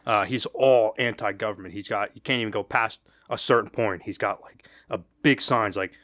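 A man's voice: on the low side, moderate pace, dry recording, studio quality. A man who is a podcast guest, a former delivery driver now in private investigation, telling stories in rambling casual chat. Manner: relaxed, rambling talker who quotes his own thoughts.

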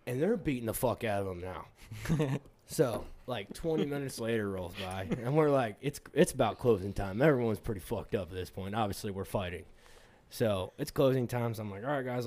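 A man's voice: mid-range voice, expressive, moderate pace, darkish tone. A man casually telling bar-fight stories, rambling and profane, laughing often and acting out what everyone said. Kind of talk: casual storytelling chat.

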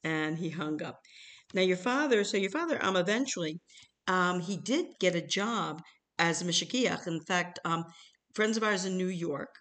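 A woman's voice: lowish voice, moderate pace. An older American woman telling family stories to her child, chuckling and acting out the people in them. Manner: animated, chuckling, acts out voices in her stories. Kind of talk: casual storytelling.

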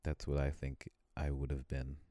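A man's voice: monotone, normal speed, mellow. A man casually chatting and telling rambling stories, often mimicking other people. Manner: rambling storyteller, mimics people in high voices. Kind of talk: casual chat.

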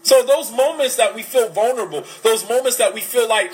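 A man's voice: very high-pitched, poor audio. Emphatic man giving a religious lecture. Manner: emphatic, rhetorical questions; switches to fast Arabic recitation. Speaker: Islamic lecturer.

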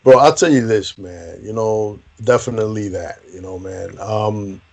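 A man telling crude, animated service stories in casual chat, peppering them with bro and man. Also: on the low side, moderate pace, gravelly. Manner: profane, animated storyteller, says bro and man a lot.

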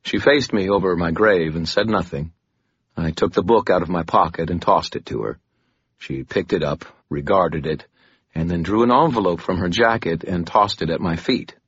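A male narrator reads a first-person audiobook in a measured, brooding way. His voice sits very low and husky, close and dry. The sound is slightly muffled. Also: a bit bright, dry recording.

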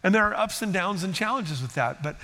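A man's voice: sits high, lively intonation, fairly quick, pushed and bright, big-room sound. An older man preaching a sermon as a pastor, speaking conversationally and earnestly, sometimes acting out what people say. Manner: conversational, earnest, acts out quotes. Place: church sanctuary.

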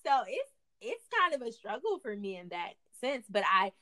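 A woman co-hosting a faith podcast, chatting expressively with frequent laughs and sudden upward swings in pitch. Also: big pitch swings, moderate pace, pushed and bright. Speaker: podcast co-host.

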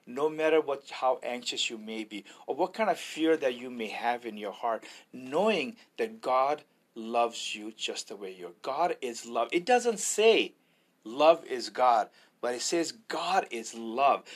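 A man's voice: mid-range voice, expressive, a little slow. A man, an evangelist, sharing a personal faith testimony in an earnest, preacherly way, often quoting scripture.

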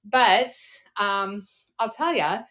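A woman in her forties co-hosting a podcast, talking candidly and earnestly about her own past, often trailing off softly. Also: medium pitch, very slow. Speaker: podcast co-host.

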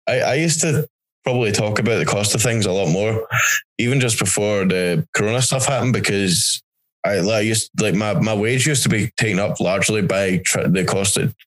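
A Scottish stand-up comic, also a podcast co-host, chats casually in a rambling, sweary, stop-start way. His voice is fairly low and a bit fast, and the recording quality is poor.

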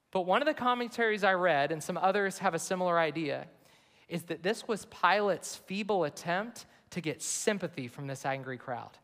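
A man's voice: high-pitched, a bit bright. A man, a pastor, preaching an earnest sermon to his church and reading scripture aloud. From United States. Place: large church sanctuary. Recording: long hall reverb.

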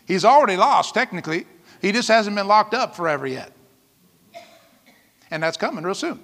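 Pastor guy preaching, high bright voice, keeps asking amen, echoey hall. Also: normal speed, creaky, pauses often. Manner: lively preaching, frequent "amen?" calls, laughs often. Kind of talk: sermon.

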